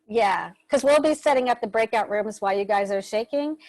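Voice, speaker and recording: A woman's voice: medium pitch, fairly quick, darkish tone, no room sound, rough recording. A woman hosting an online workshop over a video call, giving casual spoken instructions in a loose, chatty way with the odd swear word. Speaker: workshop host.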